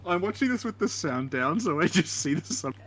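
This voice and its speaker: A man's voice: high voice, very animated, brisk, background noise. A man joking and teasing casually while watching a friend play a game. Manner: teasing, jokey banter. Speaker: co-host. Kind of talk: casual let's-play chat.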